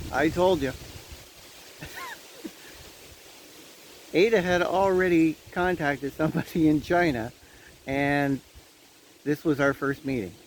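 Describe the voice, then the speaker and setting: A man's voice: a little high, poor audio. Chatty man telling a story outdoors. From Canada. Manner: chatty, laughs at his own story. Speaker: vlogger. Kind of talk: casual storytelling. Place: outdoors on a windy day. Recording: light wind noise outdoors.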